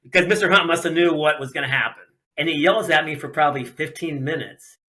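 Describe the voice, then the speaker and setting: A man's voice: a little high, quick pace. A middle-aged man from Ohio, a racer guesting on a podcast, telling stories casually and acting out the voices of people he quotes. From Ohio, USA. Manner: animated, acts out quoted voices. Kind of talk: casual storytelling.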